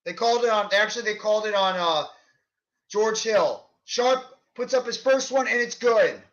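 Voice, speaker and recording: A man doing fan play-by-play of a basketball game, shouting on big plays and fuming at the referees. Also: sits high, animated, moderate pace, muffled recording. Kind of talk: live play-by-play commentary.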